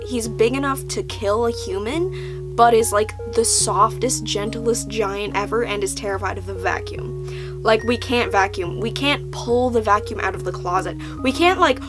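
A young woman chatting casually to camera about her pets, bubbly, laughing often and swearing lightly. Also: a little high. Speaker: pet vlogger.

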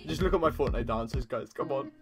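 A man's voice: mid-range voice, brisk, gravelly, music in the background. Stammering teenage guy reacting to clips. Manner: stammering, repeats words, laughs often. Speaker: reaction video host. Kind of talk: casual reaction commentary.

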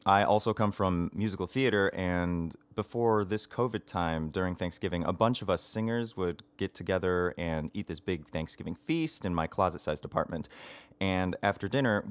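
A man with a fairly low voice chats eagerly in a casual video message, dropping ums and small laughs as he goes. The sound is dry and close, with no room echo. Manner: chatty, enthusiastic, with frequent ums and laughs. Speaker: voice actor.

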